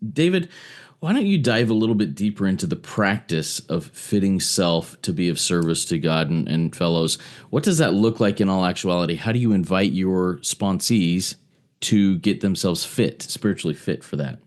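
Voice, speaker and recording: A man's voice: deep voice, expressive, moderate pace, a little mellow. A man moderating a recovery roundtable, courteous as he poses questions to the panel.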